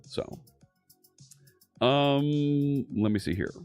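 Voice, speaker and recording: A man's voice: medium pitch, expressive, drawn-out words, a little mellow, clear, resonant tone, soft background music. A man hosting a live coding stream, chatting casually and thinking aloud with frequent fillers and restarts.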